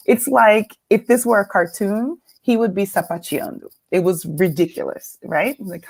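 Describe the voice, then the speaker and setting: A woman's voice: mid-range voice, measured pace. A woman from California, telling a personal story as a guest speaker in a reflective, earnest way. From California, United States. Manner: reflective, earnest, with some laughter.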